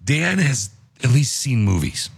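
Male radio host, gravelly voice, husky tone, playful banter, studio. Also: medium pitch, big pitch swings, unhurried. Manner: joking, teasing, chatty.

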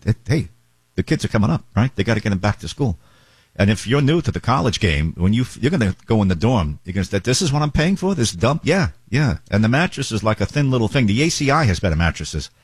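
A man with a husky, low-set voice hosts morning radio at a rapid clip. He reads ads in a brash, joking way, ad-libbing as he goes. The sound is close and dry. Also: no room sound. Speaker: radio show host. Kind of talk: morning radio talk and live-read ads. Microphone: close studio microphone.

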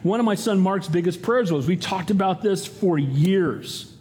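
Male pastor, sermon, earnest and emphatic, somewhat high voice. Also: unhurried, a little mellow. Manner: earnest, emphatic, rising to urgent appeals.

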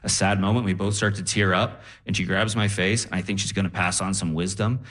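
A young man performing a stand-up set on stage, animated and laughing as he acts out voices. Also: sits low, a little fast. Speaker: stand-up comedian. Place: comedy stage before a live audience.

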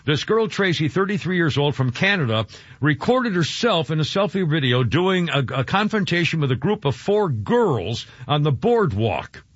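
A man's voice: a little high, sing-song, normal speed, dry recording. A man hosting a talk radio show, ranting indignantly and rambling with many fillers, heard over a dull lo-fi broadcast.

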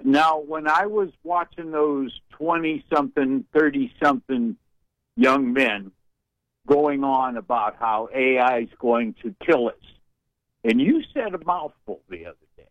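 A man's voice: fairly high pitch, expressive, a little slow, a bit bright, no room sound. Older folksy male caller, muffled line. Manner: folksy, rambling, colorful sayings. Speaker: radio caller. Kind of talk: call-in talk radio.

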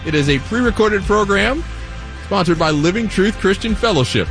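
A male radio host giving a reflective, gently encouraging devotional talk between programs. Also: high voice, lively intonation, normal speed. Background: soft music.

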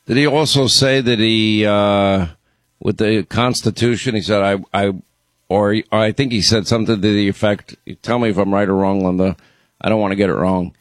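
A man's voice: fairly low pitch, steady tone, moderate pace, no echo. Blunt indignant male radio host. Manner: blunt, indignant, many restarts. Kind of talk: talk radio commentary.

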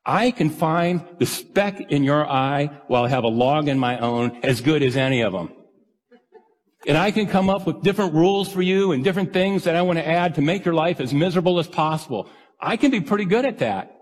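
A man's voice: medium pitch, expressive, moderate pace. A male pastor giving a sermon in an earnest, conversational, self-deprecating way. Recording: reverberant church hall.

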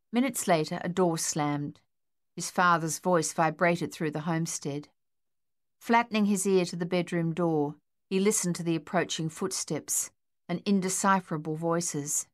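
Female narrator, low pitch, dry studio sound, even measured storytelling. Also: no echo. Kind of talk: audiobook narration.

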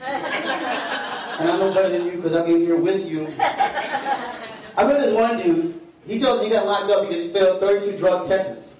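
A man's voice: sits high, a little slow, long pauses, darkish tone, heavy reverb, recorded from a distance, slight background noise, poor audio. A man doing a stand-up set on a bar stage, with loose, profane, self-mocking storytelling. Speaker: stand-up comedian.

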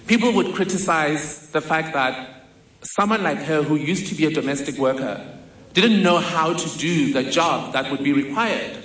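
A man's voice: a little high, a bit bright. A man from telling a vivid, self-mocking personal story on stage in a large hall. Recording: echoey hall with faint noise.

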